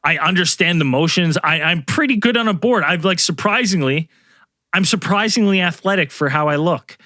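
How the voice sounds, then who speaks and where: A man's voice: high voice, animated, normal speed, pushed and bright, no echo, studio quality. A middle-aged man, a podcast host, telling a rambling story to co-hosts with many fillers and restarts. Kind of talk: casual storytelling among co-hosts.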